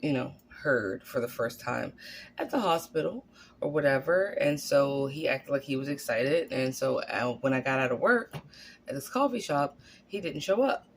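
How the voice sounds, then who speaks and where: A woman's voice: rumbling low, a little hiss or hum. Blunt, candid woman telling her story. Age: 40s. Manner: candid, blunt, profane, animated, acts out quotes. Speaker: vlogger.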